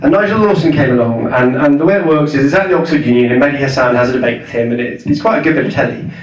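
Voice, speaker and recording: A man's voice: mid-range voice, racing, muffled recording. Scottish-born guy chatting through a rally talk, far from the mic, big echoey room. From Scotland. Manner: thoughtful, conversational, many restarts and "you know"s. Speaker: guest speaker. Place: hall at a public event.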